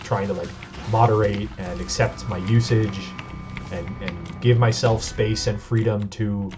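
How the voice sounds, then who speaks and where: A man hosting a let's play, talking in a rambling, confessional way with restarts and laughs, recorded on a webcam mic. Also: lowish voice. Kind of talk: candid gameplay commentary. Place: home computer setup. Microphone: built-in webcam microphone. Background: keyboard clacking and faint game music.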